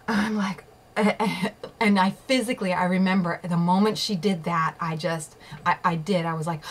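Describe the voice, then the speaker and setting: A woman's voice: mid-range voice, moderate pace, slight background noise, low-quality recording. A woman vlogger telling a personal story, emphatic, swearing at times and checking in with her listeners. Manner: emphatic, swears, asks "okay?" and "right?" often. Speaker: vlogger sharing personal experience.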